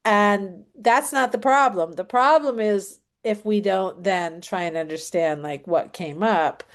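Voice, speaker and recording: Brief: woman host, reflective and affirming, mid-pitched, casual chat. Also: a little slow. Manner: reflective, therapist-like, frequent affirmations. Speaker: host of a show reaction chat. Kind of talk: casual discussion.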